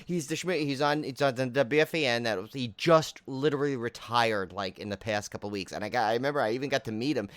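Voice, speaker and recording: A man co-hosting a podcast in a casual, animated chat, quick to crack jokes. His voice sits mid-range. The recording is dry and close to the mic. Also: medium pitch, clean tone, dry recording. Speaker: podcast co-host.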